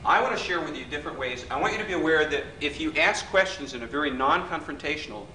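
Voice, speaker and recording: A man's voice: fairly high pitch, expressive, fast, pushed and bright, recorded from a distance. A man leading a live workshop, talking conversationally and often checking whether the audience agrees. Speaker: workshop leader. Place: hotel function room. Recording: echoey room recording from afar, faint hiss.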